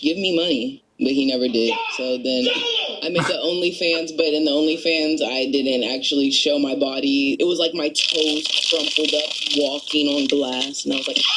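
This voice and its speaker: A young woman telling stories about her online life in a candid, profane, animated and self-mocking way. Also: low voice, rough recording. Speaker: influencer. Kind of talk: casual storytelling. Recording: music playing under the voice.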